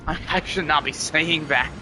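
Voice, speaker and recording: A man chats casually with viewers while streaming a game, wandering off topic and restarting sentences. His voice is bright and a little high, and faint game music plays behind him. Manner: rambling, restarts sentences, chatty. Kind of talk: casual live-stream chat.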